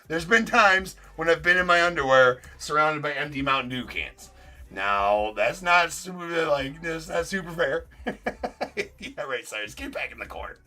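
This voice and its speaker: A man's slightly high, pushed and bright voice carries lively intonation at a normal pace as he hosts a live card break stream. Loose and rambling, he teases viewers in chat, with frequent laughter and filler words.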